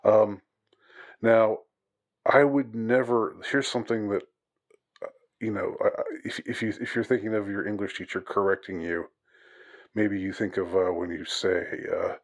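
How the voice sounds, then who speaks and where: A man's voice: lowish voice, steady tone, normal speed, pauses often. A man giving a rambling, mock-outraged monologue with many fillers and restarts. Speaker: commentator on English usage. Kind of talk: casual monologue.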